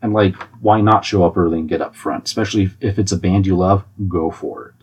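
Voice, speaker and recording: A young man talking casually about concerts in an animated, chatty way, with frequent restarts and laughs. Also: sits low, fast talker, slight background noise. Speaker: podcast host giving concert tips. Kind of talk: casual monologue.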